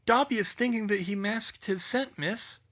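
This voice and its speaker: A man's voice: high-pitched, normal speed, a bit bright, pitched above the performer's own voice. A man voicing a timid, eager little male house-elf who speaks of himself in the third person. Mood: apologetic.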